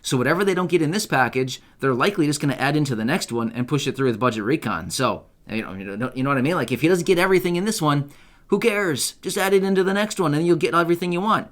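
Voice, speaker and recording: A man hosting an online news channel, talking casually and excitedly to his viewers and often checking for agreement. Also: on the high side, fast talker. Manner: chatty, upbeat, asks viewers for agreement with repeated "right?"; loose, self-correcting delivery with fillers and restarts. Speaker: YouTube news host. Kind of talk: casual direct-to-camera commentary.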